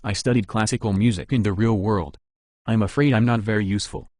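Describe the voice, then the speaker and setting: A man's voice: lowish voice, fairly even intonation, a little fast, a little mellow, no room sound, clean studio sound, natural voice. A man voicing Nadia, a sorrowful young woman with a mild Russian accent. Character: young woman musician, sorrowful, soft-spoken.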